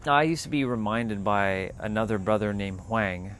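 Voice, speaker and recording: A man with a lowish voice talks calmly and without hurry on a spiritual livestream, now and then loose and blunt with swearing. Faint background ambience hums behind him, with the odd vehicle passing. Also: a little hiss or hum. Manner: calm, unhurried, loose and profane at times. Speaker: livestream host. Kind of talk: casual spiritual livestream talk.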